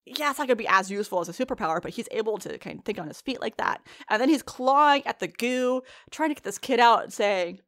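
A woman from the United States in casual podcast chat, animated, laughing often and swearing freely as she recaps a show. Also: fairly high pitch, fast talker, hardly any pauses. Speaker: podcast co-host reacting to an anime.

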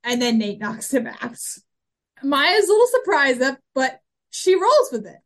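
A woman's voice: high voice, big pitch swings, measured pace. A woman co-hosting a podcast, chatting casually and restarting her sentences as she recaps an episode. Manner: chatty, frequent restarts and fillers. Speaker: podcast co-host.

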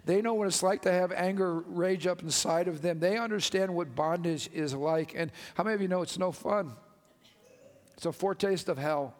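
A man's voice: sits high, moderate pace, long reverb tail. A male pastor preaching a passionate, exclamatory sermon to his congregation in a church sanctuary.

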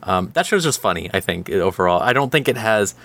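A man's voice: low voice, fast. A man co-hosting a podcast, ranting about a show in casual chat, swearing often and filling with "like". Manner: animated ranting, frequent swearing and "like". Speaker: podcast co-host.

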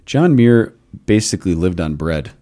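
A man's voice: sits low, expressive, normal speed, mellow. A man hosting a casual, reflective discussion, thinking aloud with frequent restarts. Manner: thoughtful, with frequent restarts and musing asides. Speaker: podcast host.

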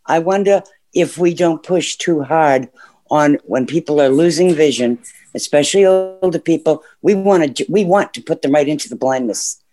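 A man with a slightly high, dark-toned voice phones in to a discussion program at a moderate pace. Earnest in his comments, he sometimes loses track of what he meant to say.

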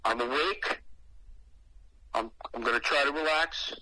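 A man's voice: medium pitch, measured pace, breathy edge, no room sound, low-quality recording. A man casually telling a personal story, profane and slangy, acting out what he said back then. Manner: profane, slangy and animated, acting out his own past words.

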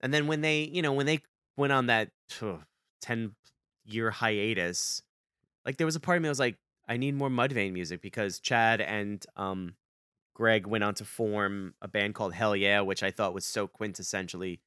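A fairly low-pitched man with a bright, crisp voice, spinning a story for his podcast co-host in an animated way. He jumps up in pitch whenever he quotes someone. The sound is dry and close. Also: no echo. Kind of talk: casual storytelling chat.

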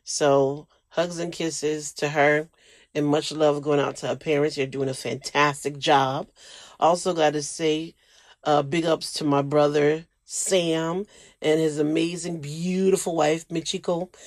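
A man's voice: fairly high pitch, flat delivery, unhurried, no room sound. A man hosting a casual solo podcast, rambling and emotional, sometimes close to tears. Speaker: podcast host.

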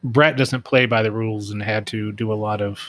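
A man's voice: on the low side, steady tone, normal speed, fairly bright tone. A man co-hosting a podcast, offering dry, wry comments on a book in loose, casual chat. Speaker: podcast co-host.

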